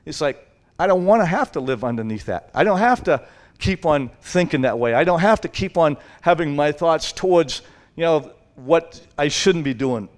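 A man's voice: fairly high pitch, lively intonation, moderate pace. A male preacher giving a conversational Bible teaching, informal and rambling, often acting out little dialogues.

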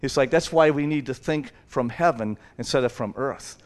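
A man's voice: mid-range voice, moderate pace. A male preacher giving a conversational Bible teaching, informal and rambling, often acting out little dialogues.

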